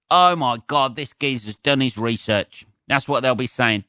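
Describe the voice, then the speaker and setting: A man's voice: medium pitch, moderate pace, few pauses, sharp tone, smooth, dry recording, clean studio sound. A man, a comedian hosting his own podcast, rambling sarcastically and swearing freely while stuffed up with a cold. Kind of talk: solo podcast monologue.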